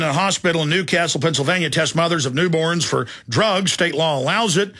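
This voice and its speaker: A man's voice: fairly high pitch, bright, forceful tone, slightly rough. A middle-aged man hosting a talk radio show, telling rambling, digressive stories in a heated, indignant way.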